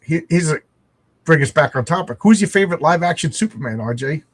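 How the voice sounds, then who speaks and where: Chatty American man, slightly high voice. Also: lively intonation, a little fast. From United States. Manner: chatty, rambling with frequent restarts. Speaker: podcast co-host. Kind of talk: casual chat over a video call.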